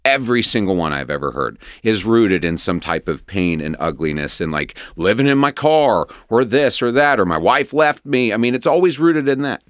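A man with a fairly deep voice that rises and falls a lot as he talks. He tells his story openly and pokes fun at himself. The sound is dry and close, with no room around it. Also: normal speed, few pauses, no echo. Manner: animated, open and self-deprecating. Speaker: guest. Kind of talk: candid conversational storytelling.

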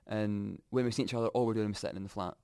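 A young Scottish man telling his own story candidly, reflective and halting, often restarting his sentences. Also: fairly low pitch, fairly even intonation, a little mellow, clear, resonant tone, no echo, studio quality.

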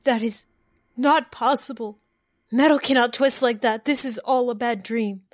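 A woman's voice: on the high side, measured pace, no room sound, clean studio sound, close to an everyday voice. A woman voicing a desperate young village mother in a fantasy audiobook, urgent and fervent as she pleads. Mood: disbelieving.

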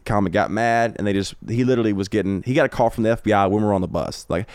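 A man talking quickly through loose, profane stories in a lowish, smooth voice. He is recorded in a home podcast room with a close, dry mic. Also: no echo. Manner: rapid, rambling anecdotes with frequent profanity. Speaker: guest comedian. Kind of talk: casual podcast storytelling.

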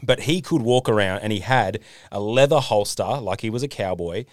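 Australian man, lower voice, storytelling. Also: moderate pace, no room sound, studio quality. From North Queensland, Australia. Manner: storytelling, animated impressions of others. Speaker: podcast co-host. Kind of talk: casual chat.

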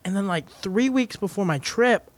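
A young man from Texas tells comic stories in a casual chat. His voice sits a touch high and swings widely in pitch. He laughs often and acts out everyone in his tales. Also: lively intonation, moderate pace. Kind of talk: casual comedic storytelling.

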